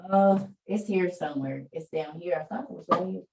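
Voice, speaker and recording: A woman's voice: fairly low pitch, fairly quick, creaky, darkish tone, distant mic, dull audio. A woman hosting an online meeting, chatting casually with listeners and encouraging them about faith. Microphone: video call.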